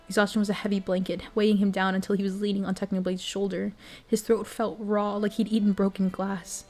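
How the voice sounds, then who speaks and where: A woman's voice: mid-range voice, level tone, brisk, few pauses, a little mellow, faint music behind. Earnest young woman streamer. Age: young adult. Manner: earnest and emotional, with laughs. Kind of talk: bedtime story reading and stream chat.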